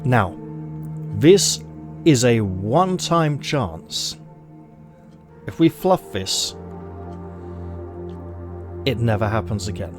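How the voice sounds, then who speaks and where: A man reads a solo adventure gamebook aloud at an unhurried pace, in a measured and dramatic way. He breaks off to talk through his choices, and clear music plays behind him throughout. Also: medium pitch, sing-song. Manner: measured, deliberate, dramatic reading. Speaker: gamebook player and narrator.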